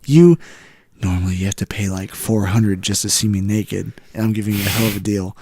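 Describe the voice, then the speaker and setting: A man's voice: fairly low pitch, fairly quick, mellow, breathy edge. A man co-hosting a comedy podcast, crude and joking with frequent swearing in casual banter. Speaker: podcast co-host.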